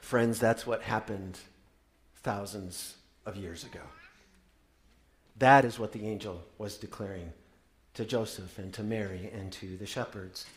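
A man and parent preaching a sermon, swinging from loud proclaiming to hushed wonder, with wry, playful storytelling. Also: lowish voice, steady tone, unhurried. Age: adult parent. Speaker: pastor.

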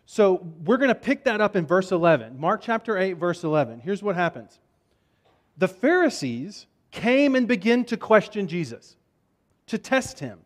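A man's voice: sits high, sing-song, normal speed. A man preaching a conversational sermon, casual in tone, often repeating words as he explains. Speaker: pastor.

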